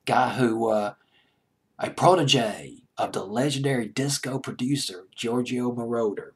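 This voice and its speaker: Gravelly, husky middle-aged man. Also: medium pitch, unhurried. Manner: rambling, self-correcting, chuckling. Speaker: music video host. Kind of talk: casual countdown chat.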